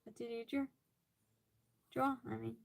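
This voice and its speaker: A woman streamer in casual chat, reading viewer comments aloud and reacting with animated exclamations. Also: on the high side, measured pace, gravelly, no echo.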